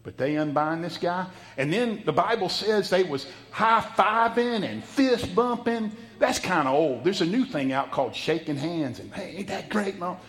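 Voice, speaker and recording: Male pastor, folksy sermon delivery, higher-pitched voice, dramatic loud-soft swings. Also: lively intonation, moderate pace, few pauses. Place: church sanctuary.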